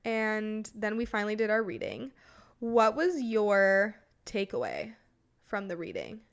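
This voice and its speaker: A woman's voice: medium pitch, big pitch swings, a little slow. Encouraging woman hosting a casual podcast. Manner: encouraging, affirming with frequent yeahs. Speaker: podcast host and Human Design reader. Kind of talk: casual chat.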